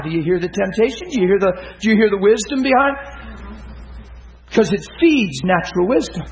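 High-voiced impassioned male preacher. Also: expressive, a little fast, rough recording. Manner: impassioned, shouting peaks, drops to hushed storytelling. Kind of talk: sermon.

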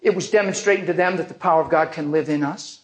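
Male preacher telling a testimony story, animated, acts out everyone. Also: on the high side, fast talker. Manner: animated, vivid storyteller acting out others.

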